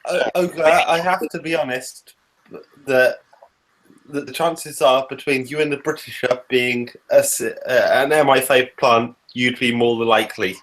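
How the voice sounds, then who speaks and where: A man from England with a Kent accent, a guest in casual chat, halting and repeating words. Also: mid-range voice, fairly even intonation, a bit bright, slight background noise, low-quality recording. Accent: English, Kent.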